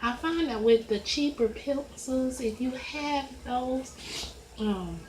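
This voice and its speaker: A woman with a Southern US accent and a high voice chatting casually while she colors, rambling in an easygoing way. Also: slow, a little mellow, reverberant, slight background noise, low-quality recording. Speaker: coloring video creator. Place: at home at a coloring desk.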